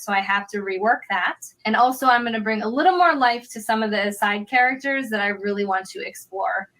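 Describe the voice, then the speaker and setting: A woman's voice: medium pitch, a bit bright. A woman author talking in a casual vlog, candid and reflective about her own work. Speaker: author and vlogger.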